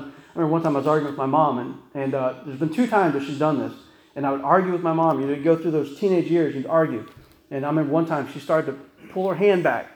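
A male pastor preaches in a loose, storytelling way, often checking in with his listeners. His voice sits a little high for a man. The room rings around him like a church sanctuary. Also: a little mellow, roomy sound, low-quality recording. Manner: folksy storytelling, frequent "right?" asides. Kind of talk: conversational sermon.

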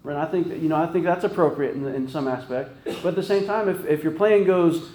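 A man's voice: fairly high pitch, fairly quick, a little mellow. A man preaching an informal sermon, talking conversationally with many restarts and frequent "right?" checks. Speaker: pastor. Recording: echoey room.

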